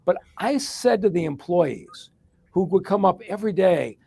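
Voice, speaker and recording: A man's voice: sits high, sing-song, moderate pace, gravelly, warm tone, slightly rough. A middle-aged man from Detroit answering an interview question in a long, plain-spoken story. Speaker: guest, former hospital executive and mayor.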